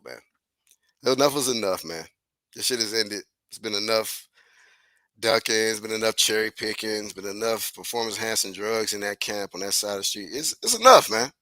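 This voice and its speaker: Young guy w aave ranting, cussing, says man every line, bright punchy voice, super dry. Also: on the low side, no room sound. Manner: animated, profane, repeats "man" often. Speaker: commentary host. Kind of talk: casual ranting commentary.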